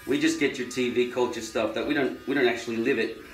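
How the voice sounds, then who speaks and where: A man's voice: medium pitch, steady tone, fast. Australian man, casual vlog, rambling and wry, echoey room, faint music behind. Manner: rambling, wry, musing aloud. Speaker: vlogger. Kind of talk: casual monologue while trimming hair. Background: electric trimmer buzzing.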